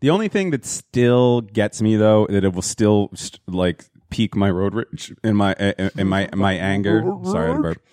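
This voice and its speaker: A man with a low voice, chatting crudely and swearing as he rambles through his stories. The sound is dry and close, with no room around it. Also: animated, moderate pace, hardly any pauses, darkish tone, dry recording. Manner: rambling, profane storyteller, laughs at own jokes. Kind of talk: crude casual chat.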